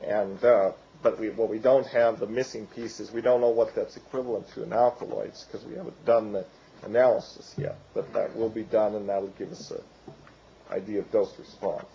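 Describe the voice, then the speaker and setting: Male lecturer, gravelly and mellow, voice giving out, halting delivery, dull lo-fi recording. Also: lowish voice, flat delivery, slight background noise. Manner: halting, with many fillers and restarts. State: losing his voice. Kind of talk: academic lecture with slides.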